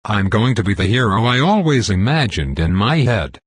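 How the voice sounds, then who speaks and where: Brief: man doing a chatty, earnest young speedster boy, low and slightly husky, for a comic read-aloud. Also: very animated, moderate pace, dry recording. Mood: eager. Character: eager young male superhero speedster, earnest.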